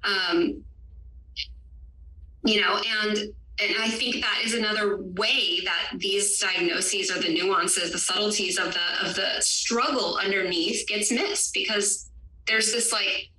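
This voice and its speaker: A woman hosting a podcast, speaking earnestly and haltingly with many fillers as a parent. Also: mid-range voice, fairly even intonation, bright, forceful tone. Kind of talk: personal reflective conversation. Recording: distant echoey room, faint background noise.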